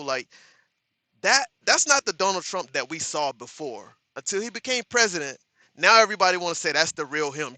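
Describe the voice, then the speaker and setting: A man's voice: fairly high pitch, no room sound. A man hosting a live stream, reading viewers' comments aloud and answering them in a casual, direct way, often repeating himself to drive a point home. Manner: talks straight to chat, repeats "understand that", gets loud and firm.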